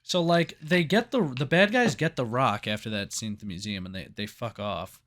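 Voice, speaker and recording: A man co-hosting a casual podcast movie review, swearing freely and retelling scenes in an animated way. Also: medium pitch, normal speed. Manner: profane, animated retelling with acted-out quotes. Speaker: podcast co-host.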